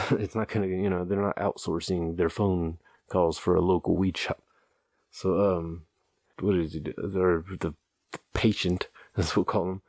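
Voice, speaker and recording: A man's voice: sits low, level tone, measured pace, a little mellow, dry recording, studio quality. A man casually telling a rambling, amused anecdote, loose and profane, often chuckling at his own tale. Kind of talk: casual storytelling.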